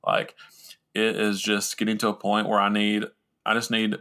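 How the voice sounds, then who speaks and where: A man's voice: fairly low pitch, completely flat delivery, moderate pace, gravelly, sharp tone. A young man hosting a podcast, telling a rambling, profane, self-mocking story in casual talk. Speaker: podcast host.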